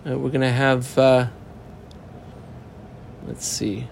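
A man teaching a Talmud class in a lively, conversational way, moving between English and Aramaic terms. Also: mid-range voice, slow, gravelly, slight background noise.

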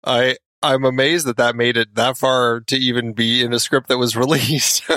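A man's voice: mid-range voice, little pitch movement, normal speed, bright, forceful tone, no room sound. A man co-hosting a film review podcast, slap-happy and laughing a lot. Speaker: podcast co-host. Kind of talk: casual film review chat.

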